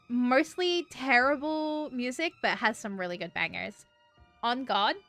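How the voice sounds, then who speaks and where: Casually streaming a game, this woman from Australia rambles along with lots of "like" fillers and unrestrained swearing in an Americanized Australian accent. Her voice sits high with a sharp tone.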